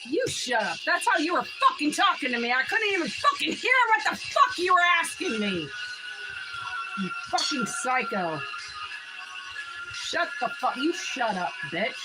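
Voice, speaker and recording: A woman in a heated argument, shouting, repeating herself and swearing, at times tearful. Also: high voice, big pitch swings, a little slow, loud music behind the voice.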